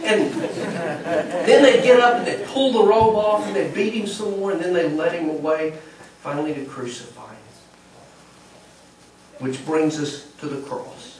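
A man preaching a storytelling sermon in church, animated, acting out the voices of the people in the story. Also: a little high, measured pace, long pauses, distant mic, noisy background. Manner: animated, acts out quoted voices. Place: church sanctuary. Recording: echoey church recording from afar.

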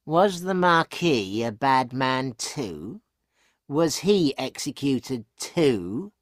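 A man doing a sly, slow-spoken spy. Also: medium pitch, big pitch swings, dry recording, clean studio sound, pitched above the performer's own voice. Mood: prying. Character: sly, probing English spy, adult man.

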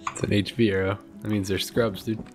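A man playing as a co-op gaming partner, talking in a casual way with crude, deadpan trash talk. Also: fairly low pitch, a little fast, over music.

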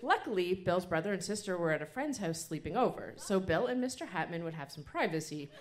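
A woman reading her own childhood story aloud to a live audience, in an animated, amused storytelling manner. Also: lowish voice, brisk, hardly any pauses, very noisy. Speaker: reader of her childhood writing.

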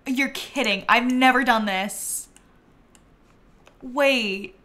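A young woman streaming a life-simulation game, chatting excitably and talking to her characters. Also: on the high side, drawn-out words. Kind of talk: live game commentary.

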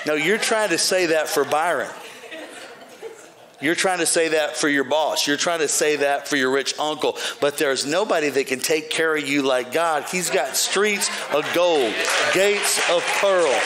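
Humorous preaching male pastor, quick asides. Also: fairly high pitch, a loud crowd, heavy background noise. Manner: joking, swings between loud preaching shouts and quiet asides. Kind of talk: sermon.

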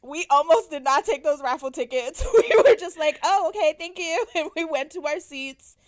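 A woman's voice: high voice, expressive, moderate pace. A woman co-hosting a casual podcast, telling a story with lots of laughter, acting out quotes and swearing freely. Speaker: podcast co-host. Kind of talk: casual chat.

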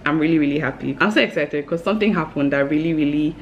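Excitable woman vlogging at home. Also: sits low, quick pace, dull audio, a little hiss or hum. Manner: bubbly, excitable, laughs often. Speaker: vlogger and new business owner. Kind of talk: casual vlog chat to camera.

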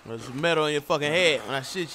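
A man doing let's play commentary, talking back at the game in a loud, brash, profane way. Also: on the high side, fast. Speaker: gamer. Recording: game audio and noise behind.

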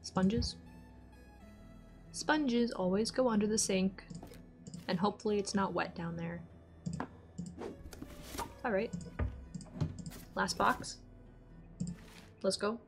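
A woman's voice: medium pitch, takes it slowly, pauses often, over music. A woman streaming a game, chatting casually to herself and her viewers and getting exasperated now and then. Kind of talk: casual let's-play chat.

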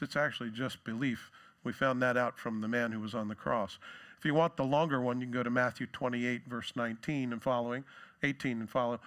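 A male pastor delivers a sermon in a loose, talky style, dropping jokes and side remarks as he goes. He acts out the quoted lines with lift and force, and his voice stays bright and forceful throughout. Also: mid-range voice. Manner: conversational preaching with asides and jokes.

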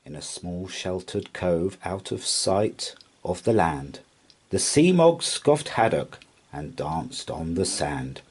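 A man reading a rhyming children's picture book aloud in an expressive storytelling voice. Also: deep voice, husky. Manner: slow, expressive rhyming delivery. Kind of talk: children's read-aloud narration.

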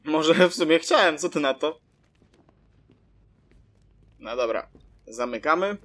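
A man's voice: on the high side, animated, measured pace, fairly bright tone. A man giving casual, chatty gameplay commentary, talking to himself with mild swearing. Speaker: let's play commentator.

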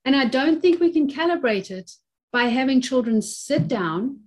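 Emphatic, higher-voiced woman therapist on a call. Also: lively intonation, normal speed. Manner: emphatic, earnest, repeats phrases for stress. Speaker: occupational therapist and guest expert. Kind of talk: conversational webinar interview.

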